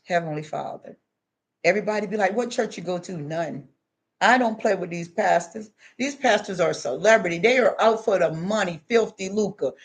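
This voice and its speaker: A woman talking straight to camera in a casual vlog, telling stories bluntly and preaching in emphatic asides. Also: medium pitch. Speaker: spiritual vlogger.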